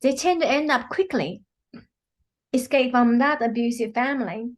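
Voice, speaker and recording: In a fairly high voice at a moderate pace, a healing practitioner explains her work in an interview. She is earnest, says "you know" a lot, and acts out the quotes she relays.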